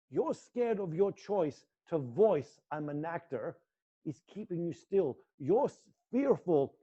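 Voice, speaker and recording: A man's voice: sits high, dark tone, husky, lo-fi sound. A middle-aged man teaching acting, leading a guided exercise in a live class with an intense, coaxing manner and free swearing.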